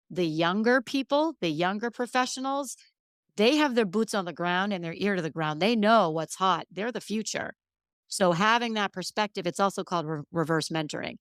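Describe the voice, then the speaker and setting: A woman's voice: mid-range voice, moderate pace, smooth, no echo, clean studio sound. A middle-aged woman hosting a solo podcast, talking earnestly and emphatically about careers. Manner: earnest and emphatic, emotional at times. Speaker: podcast host.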